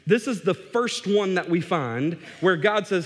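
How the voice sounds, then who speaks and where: Man preaching with an emphatic, slightly high voice. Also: animated, a little slow, few pauses. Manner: emphatic, repeats words for stress, with fillers and restarts. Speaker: pastor. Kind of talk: sermon. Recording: echoey hall reverb.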